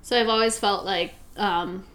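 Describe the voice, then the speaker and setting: A woman's voice: medium pitch, fairly even intonation, measured pace, fairly bright tone. Earnest, reflective woman host. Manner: earnest, reflective, thinks aloud. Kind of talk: casual chat.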